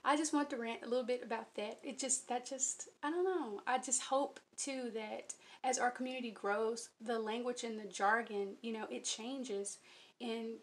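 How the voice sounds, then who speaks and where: A woman's voice: fairly high pitch, steady tone, moderate pace. A young adult woman vlogging about crochet in an earnest, rambling way, running her words together and giggling. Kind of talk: casual chat to viewers.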